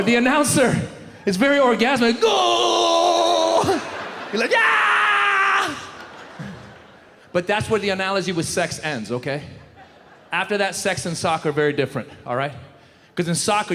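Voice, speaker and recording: A middle-aged male stand-up comedian performs a set on stage before a live audience, energetically acting out voices and sounds. He talks fast in a high voice, the large hall echoing with loud crowd laughter and noise.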